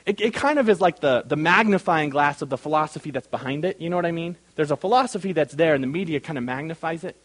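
A man with a notably high voice teaches a Bible class as its pastor. He speaks emphatically, puts questions to the group and calls on people by name. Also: animated, fast, few pauses.

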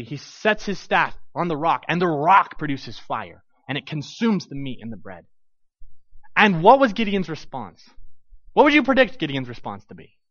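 A man's voice: high-pitched, fairly bright tone, dry recording. A man teaching a Bible passage in a chatty sermon style, with many asides and restarts. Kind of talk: conversational sermon commentary. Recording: dull lo-fi recording.

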